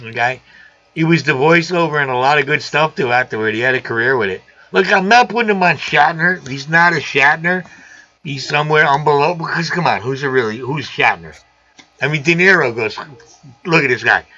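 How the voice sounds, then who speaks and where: Brief: rambling, jokey male livestream host, bright and fairly high, dull lo-fi sound. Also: brisk. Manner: rambling, jokey riffs on old movies. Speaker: host of a live aquarium show. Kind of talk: casual chat.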